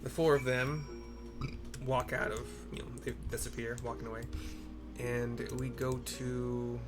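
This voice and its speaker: A man's voice: mid-range voice, level tone, a little slow, music in the background. A man casually narrating a game for listeners, rambling and correcting himself with chatty asides. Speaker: game narrator and audio describer.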